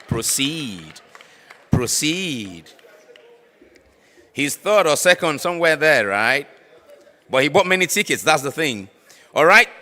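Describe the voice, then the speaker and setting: Nigerian male emcee, bright, teasing, singsong number calls; reverberant hall mic. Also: a little high. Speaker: raffle draw host. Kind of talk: playful event emcee. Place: conference hall. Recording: echoey hall with long reverb.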